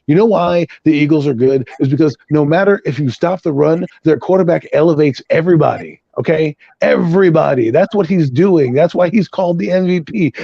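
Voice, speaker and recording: A man's voice: fairly high pitch, gravelly, warm tone, husky, dry recording, highs cut off. A fired-up man on a sports talk show, ranting with heavy profanity about his team. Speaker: guest, Giants fan. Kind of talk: heated sports rant.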